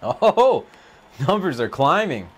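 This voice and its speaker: Excitable man streaming a baseball game. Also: moderate pace. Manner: excitable, pitch jumps high when worked up. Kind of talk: live gameplay commentary. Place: empty office.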